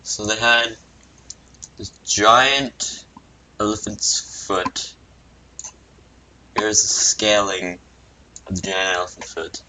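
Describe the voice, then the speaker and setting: Slow, low, rambling man narrating a drawing. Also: fairly even intonation, sharp tone, slight background noise. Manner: rambling, self-amused, muttering asides. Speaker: video creator. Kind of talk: casual narration while drawing.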